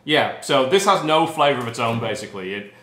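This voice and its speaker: A man's voice: mid-range voice, sing-song, brisk, echoey room, crowd noise. A man tasting snacks on camera in casual chat, grumbling and sarcastic. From United Kingdom. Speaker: snack taster.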